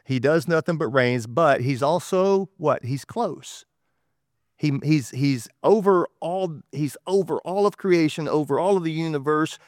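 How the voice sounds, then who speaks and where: Folksy Texan preacher, smooth voice. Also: male voice, a little high, measured pace, dry recording, clean studio sound. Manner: conversational, folksy, with self-corrections. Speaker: pastor. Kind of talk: sermon.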